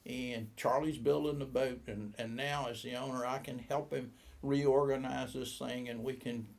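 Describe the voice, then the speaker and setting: Gravelly older man telling a story. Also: mid-range voice, steady tone, normal speed, a little mellow. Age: 70s. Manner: rambling anecdotal, acts out quoted dialogue. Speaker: boat shop owner. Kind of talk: storytelling interview.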